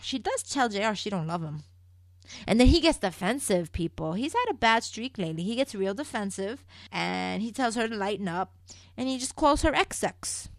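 A woman hosting a casual solo podcast that recaps a soap opera. She is chatty and opinionated, keeps calling her listeners "people," and swings from loud emphatic bursts to quiet asides. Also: mid-range voice, expressive, normal speed, no room sound.

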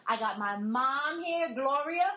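A woman hosting a fan podcast from a family gathering at home, emotional and quick to laugh. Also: sits high, expressive, sharp tone, roomy sound, poor audio. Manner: emotional, gushing, laughs often. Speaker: podcast host. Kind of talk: casual chat.

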